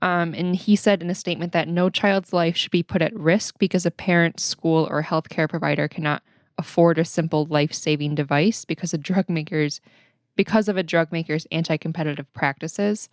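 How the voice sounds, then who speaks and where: A woman's voice: low voice, steady tone, fairly quick, no room sound, studio quality. A woman co-hosting a business news podcast, recapping stories in a casual way with many fillers. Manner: conversational, frequent "um" fillers. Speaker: podcast co-host.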